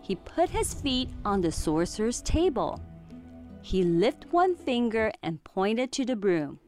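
Woman storybook reader, high and sing-song, unhurried, clear diction. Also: faint music behind. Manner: expressive, clearly enunciated reading. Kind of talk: children's storybook read-aloud.

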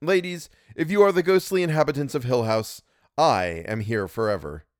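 A man reading an audiobook, voicing a charming, flippant young gentleman with gallant, mock-theatrical speech. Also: mid-range voice, normal speed, dry recording, studio quality, pitched above the performer's own voice, lightly acted.

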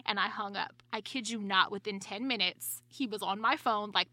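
Bright-voiced profane woman storyteller. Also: medium pitch, normal speed, no room sound. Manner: blunt, profane, laughs through her story. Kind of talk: casual storytelling chat.

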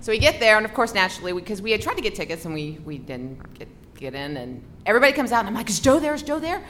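Giggly bright-voiced woman telling a story. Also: mid-range voice, very animated, rapid-fire, faint music behind. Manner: giggly, breathless, rambling. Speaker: podcast co-host. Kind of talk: excited storytelling on a podcast.

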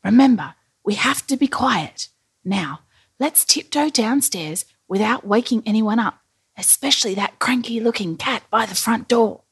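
A woman voicing Santa Claus, a jolly, gentle old man who speaks in a hushed, chuckling manner in a storybook reading. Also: on the high side, a little slow, breathy edge, voice pushed up, heavily acted.

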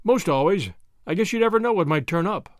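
A man's voice: sits high, expressive, brisk, no room sound, clean studio sound. A man voicing a brash young man, drawling and confident. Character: brash young American man, eager and cocky.

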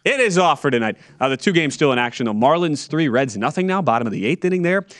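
A man's voice: a little high, big pitch swings, fast, dry recording, clean studio sound. A man from Wisconsin co-hosting a sports betting show, moving between a read ad and playful chat, laughing easily. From Wisconsin, USA. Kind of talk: casual sports talk and read ad.

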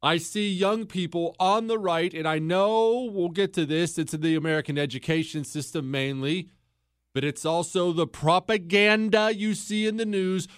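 A man's voice: high voice, normal speed, smooth, no room sound. Emphatic man telling a story, dry close sound. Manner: storytelling, mimics others in quotes, emphatic repetition. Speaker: podcast host. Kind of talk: opinionated monologue.

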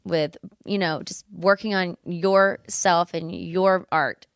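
A woman's voice: on the low side, steady tone, slow, dry recording, studio quality. A woman hosting a casual interview, encouraging and full of eager questions. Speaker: host.

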